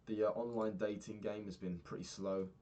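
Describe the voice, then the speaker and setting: Young man, low voice, casual sweary vlog ranting. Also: steady tone, moderate pace, dark tone, slight background noise. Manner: rambling, swears a lot, ranting. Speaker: vlogger.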